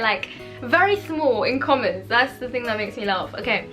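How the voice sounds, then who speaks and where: A woman chatting casually about books she has bought, bubbly and giggly, with animated outbursts. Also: high-pitched, moderate pace, faint music behind. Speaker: book vlogger. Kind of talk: casual book haul chat.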